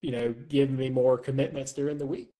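A man's voice: medium pitch, level tone, fast talker, dark tone, rough recording. A man who is a guest on a podcast, speaking in an earnest, reflective way and repeating words as he thinks. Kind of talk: casual chat.

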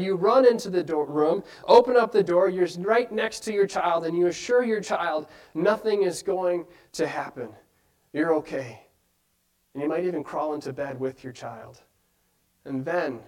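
Male preacher with a high voice, earnest sermon delivery, keeps posing questions to the congregation. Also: low-quality recording. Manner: earnest, asks many rhetorical questions.

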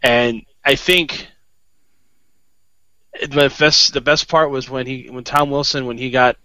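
A man co-hosting a podcast in casual chat, talking in a rambling, halting way with many restarts. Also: mid-range voice, steady tone, bright, forceful tone, clean tone, dry recording. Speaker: podcast co-host.

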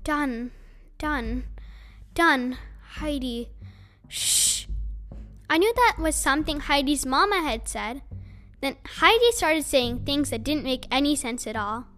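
A woman reading a children's novel aloud, telling the story in a gentle, unhurried way. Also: sits high, big pitch swings, faint music behind.

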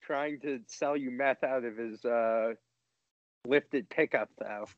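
A man's voice: mid-range voice, takes it slowly. A man co-hosting a casual podcast, cracking dry jokes. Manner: dry, wisecracking. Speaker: podcast co-host. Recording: dry, dull lo-fi mic.

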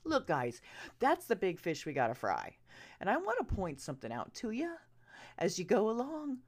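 A woman delivers an impassioned rant straight to her audience, her pitch swinging widely as she presses her point. She swears freely and sounds urgent, sometimes sinking to a hushed whisper. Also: huge pitch swings, moderate pace. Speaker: vlogger. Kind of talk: impassioned direct-to-camera rant.

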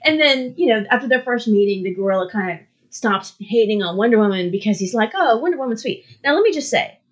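A woman's voice: mid-range voice, lively intonation, fast talker. Chatty woman podcast co-host, laughs often. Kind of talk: casual chat.

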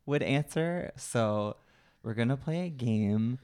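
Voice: medium pitch, animated, slow, a little mellow, slight background noise. A podcast host in casual chat, giggly and chatty, often restarting sentences.

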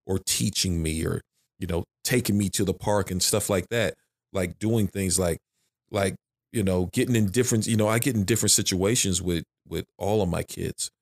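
A man's voice: deep voice, moderate pace, creaky. A man who is a father of three, talking frankly and emphatically in a casual podcast conversation, repeating his phrases as he goes.

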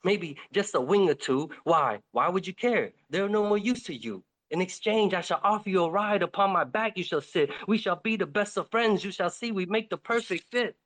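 Man playing a lonely hungry wolf, wheedling, pleading, high voice, storybook fable. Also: animated, normal speed, hardly any pauses, fairly bright tone, rough recording.

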